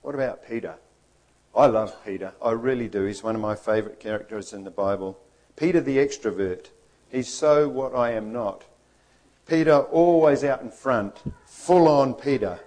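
A man's voice: mid-range voice, moderate pace, a little mellow, poor audio. A man preaching a sermon in an earnest, emphatic way, acting out the figures he quotes.

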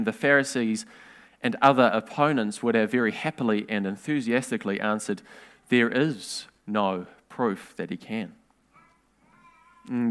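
A man's voice: mid-range voice, a bit bright, smooth. Resonant-voiced male preacher. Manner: earnest, measured preaching with rhetorical questions. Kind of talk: sermon.

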